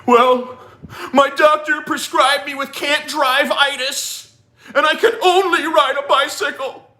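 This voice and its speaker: A man mimicking a whiny, self-righteous online arguer in a shrill voice. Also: steady tone, unhurried, pushed and bright, reverberant, full character voice. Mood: mocking.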